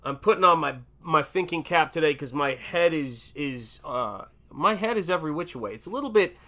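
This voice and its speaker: A man's voice: fairly high pitch, expressive, normal speed, bright, forceful tone. A middle-aged man with a Southern American accent, hosting a livestream in a rambling, chatty way with many fillers. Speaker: livestream host. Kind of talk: casual livestream chat.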